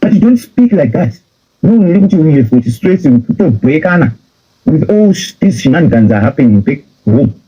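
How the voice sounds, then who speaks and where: A man's voice: a little high, big pitch swings, normal speed, mellow, breathy edge. A man with a Zimbabwean accent delivering a heated political rant, scolding and repeating himself as he mixes in phrases from home. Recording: dull lo-fi recording.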